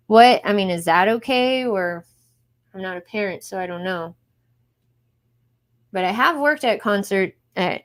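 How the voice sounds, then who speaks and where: A young woman live streaming, chatting casually to her viewers as she reacts to videos. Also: medium pitch.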